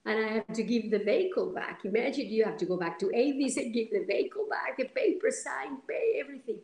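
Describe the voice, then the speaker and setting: Lady telling stories in an interview, lots of uhs, roomy echo. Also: fairly high pitch. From Argentina. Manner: animated, halting with many fillers. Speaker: guest. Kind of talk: storytelling in an interview.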